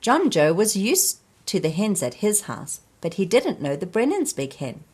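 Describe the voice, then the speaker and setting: A woman reading a children's storybook aloud, slowly and expressively, speaking to young listeners. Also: mid-range voice, slightly rough. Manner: slow, expressive, addressing children. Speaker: storybook reader.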